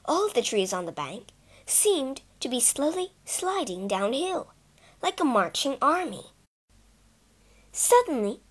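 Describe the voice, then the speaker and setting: A woman narrating a children's storybook in a careful, expressive reading. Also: sits high.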